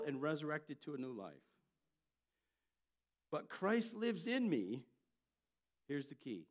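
An older man, a pastor, preaching a sermon and telling family stories with lively jumps in loudness. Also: fairly high pitch, takes it slowly, pauses often. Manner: storytelling, animated delivery with jumps in loudness.

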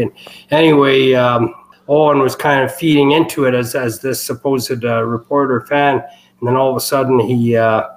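A man's voice: mid-range voice, a little hiss or hum, poor audio. A man telling wrestling stories as an interview guest, rambling, with many fillers and restarts. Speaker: guest, wrestling family member. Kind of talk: casual storytelling interview.

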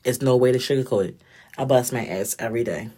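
Blunt, husky woman. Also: rumbling low, fast, dark tone. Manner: blunt, profane, direct. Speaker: vlogger. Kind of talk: casual monologue.

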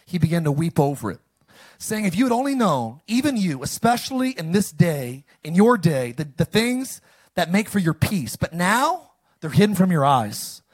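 Man, pastor, preaching a sermon, high voice, call-and-response, animated. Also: normal speed, breathy edge. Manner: call-and-response, animated with sudden loud lines.

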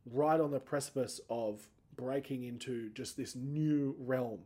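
A man's voice: medium pitch, measured pace, dark tone. A man in his thirties hosting a solo podcast, rambling and self-mocking, his voice cracking upward when he gets emotional. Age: 30s. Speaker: podcast host.

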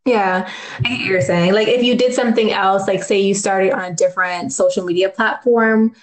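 A woman's voice: medium pitch, steady tone, brisk. A woman hosting a casual conversation, curious and asking her guest questions.

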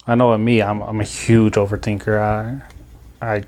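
A man's voice: on the low side, little pitch movement, moderate pace, a little mellow. Laughing, rambling male podcast host. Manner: rambling, laughs often, restarts sentences. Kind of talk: casual podcast chat.

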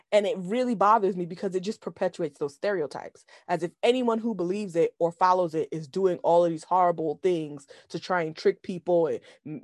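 A woman's voice: on the low side, a little mellow, no room sound, studio quality. A woman co-hosting a casual chat, blunt and profane, laughing often as she talks. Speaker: podcast co-host reviewing a film.

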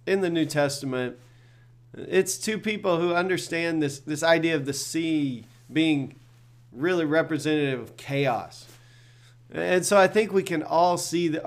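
A middle-aged male pastor giving a devotional talk in an earnest, conversational way, often repeating words as he thinks. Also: a little high.

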